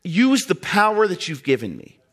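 A man preaching a sermon in an earnest way, with dramatic pauses and soft drops in his voice. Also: high voice, huge pitch swings.

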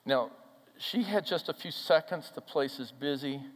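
Pastor guy preaching a sermon, loud then hushed, long hall echo on it. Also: on the high side, normal speed. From Minnesota, USA. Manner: storytelling preacher, swings from loud declarations to soft near-whispers. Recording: hall reverb.

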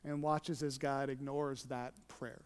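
A pastor preaching an earnest sermon, shifting between emphatic and hushed delivery. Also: mid-range voice, flat delivery, takes it slowly, clear, resonant tone, long reverb tail.

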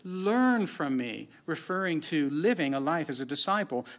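Earnest, measured male preacher. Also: fairly high pitch, fairly bright tone. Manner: measured, earnest preaching with frequent "uh" fillers and repeated key lines. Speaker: pastor. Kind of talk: sermon.

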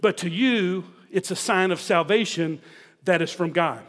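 A pastor preaching a sermon, emphatic and full of rhetorical questions put to the congregation. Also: male voice, high-pitched, measured pace, fairly bright tone, long reverb tail.

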